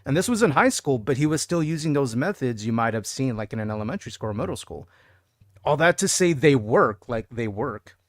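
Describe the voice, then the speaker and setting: A man's voice: mid-range voice, animated, brisk, dry recording, clean studio sound. A young man from Texas in casual, rambling live-stream chat, reading out viewer messages as he plays. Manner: rambling, chatty, reads chat aloud. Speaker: game streamer.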